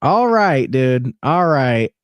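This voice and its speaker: A man's voice: medium pitch, very animated, slow pace, clean tone, no room sound. A man co-hosting a live stream in casual banter, joking and teasing. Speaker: stream co-host.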